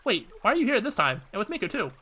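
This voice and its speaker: A man voicing a cold, dangerous young woman who speaks in a flat, offhand way. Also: sits high, fast, slightly rough, voice pushed up, exaggerated voice.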